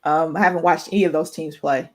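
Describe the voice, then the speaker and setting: A woman's voice: low voice, steady tone, fast. A young woman on a sports talk panel, speaking hesitantly with frequent fillers. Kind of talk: casual sports chat.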